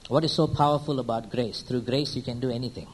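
A male preacher at a medium pitch, pressing his congregation with question after question and checking in with a quick "hmm?" or "huh?". He drops into slow, quiet stretches, then jumps up in pitch and volume. A faint hiss of noise sits under his voice. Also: rough recording. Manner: swings between quiet, slow lines and loud, high-pitched bursts. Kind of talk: sermon.

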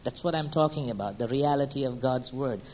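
A male preacher at a medium pitch, pressing his congregation with question after question and checking in with a quick "hmm?" or "huh?". He drops into slow, quiet stretches, then jumps up in pitch and volume. A faint hiss of noise sits under his voice. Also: poor audio. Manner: swings between quiet, slow lines and loud, high-pitched bursts. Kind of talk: sermon.

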